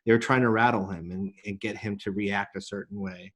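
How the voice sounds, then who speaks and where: Earnest male guest with a lowish voice who talks in halting restarts. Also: steady tone, a bit bright. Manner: earnest, with frequent restarts and fillers. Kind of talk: casual interview talk.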